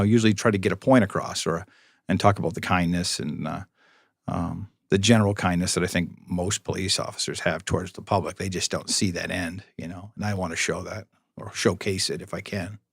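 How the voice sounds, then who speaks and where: A man's voice: low-pitched, steady tone, fairly quick, creaky, no echo. A middle-aged man, a police officer being interviewed, telling long anecdotes with dry humor and lots of restarts. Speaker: police public information officer, guest. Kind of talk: storytelling interview.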